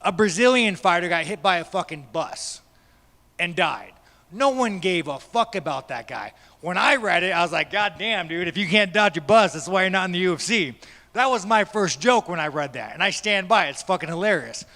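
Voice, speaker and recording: A man's voice: sits high, animated, normal speed, pushed and bright. A man, a fighter at a media day, giving blunt, profane, rambling answers to reporters. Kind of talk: press scrum answers. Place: large media day room. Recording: echoey hall.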